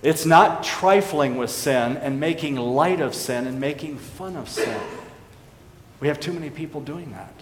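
Pastor guy preaching, earnest, punchy then quiet, lots of church echo. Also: a little high, measured pace. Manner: earnest preaching that swings between emphatic and hushed. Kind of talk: sermon. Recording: echoey hall reverb with faint background noise.

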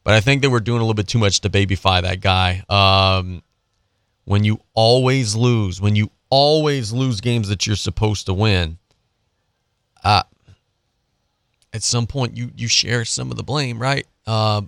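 Bright, crisp-voiced sarcastic sports host. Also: male voice, lowish voice, measured pace, no echo, studio quality. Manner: sarcastic, ranting. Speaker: sports talk show host. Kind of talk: casual sports talk.

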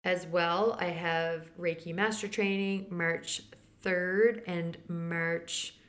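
A woman's voice: fairly even intonation, takes it slowly, fairly bright tone. A woman hosting a spiritual podcast, talking casually and chatting about her week and her courses. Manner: chatty, laughs often, quotes others with raised pitch. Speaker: podcast host and Akashic Records teacher. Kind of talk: casual chat.

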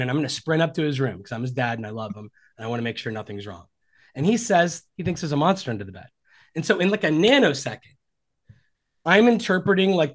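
A man in his forties, a relationship coach talking earnestly and reflectively on a podcast. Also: medium pitch. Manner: earnest and reflective, acting out quoted dialogue. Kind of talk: conversational podcast interview.

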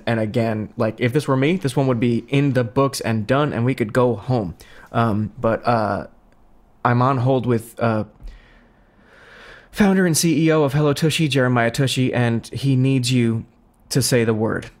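A man co-hosting a comedy podcast, talking in a halting, dry way full of uh and um. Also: mid-range voice. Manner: hesitant, lots of filler words, dry. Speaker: podcast co-host. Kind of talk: casual comedic chat.

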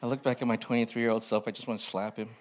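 A man's voice: lowish voice, level tone, very fast, a little hiss or hum. A man preaching as a pastor in a personal sermon, reading from his old journal in a candid, reflective and self-mocking way.

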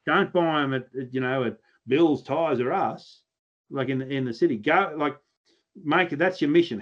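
A man's voice: medium pitch, highs cut off. An Australian man chatting as a podcast guest, telling blunt, earthy stories with mild swearing. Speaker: podcast guest, pig hunter. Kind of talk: casual podcast chat.

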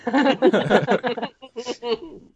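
A man co-hosting a podcast in casual chat, animated and chuckling, slipping into impressions. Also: extremely high pitch, extremely slow, breathy edge, no echo. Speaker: podcast co-host.

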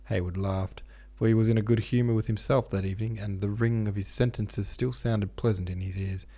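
A male podcast host reads a classic novel aloud. His narration is steady and measured. The voice is low, dark and a little husky. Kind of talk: audiobook narration.

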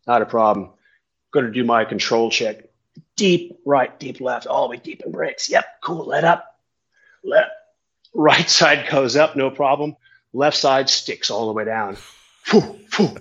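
A man's voice: mid-range voice, fairly bright tone, highs cut off. A man, a tandem skydiving instructor telling a story in a casual, rambling chat and swearing freely.

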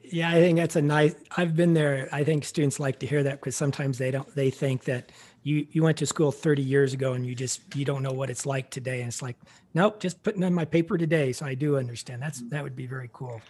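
A man's voice: medium pitch, fairly even intonation, fairly quick, a little mellow, slightly rough. A man hosting an interview, talking casually and with enthusiasm, with plenty of filler words. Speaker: interview host. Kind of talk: interview conversation.

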